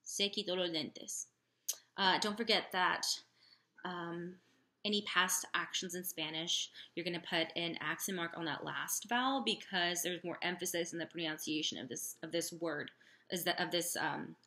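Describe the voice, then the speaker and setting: A woman teaching a language lesson slowly and patiently, sounding out example phrases carefully and pausing on fillers. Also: on the low side, sharp tone. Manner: slow, deliberate, with many fillers. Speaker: Spanish teacher.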